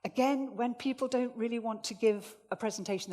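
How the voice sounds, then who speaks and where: A woman running a presentation skills workshop for a live audience, jokey and lively, swinging her voice up and down to make her points. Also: a little fast, hardly any pauses. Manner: lively, jokey, swings pitch widely for demonstration. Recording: echoey hall reverb.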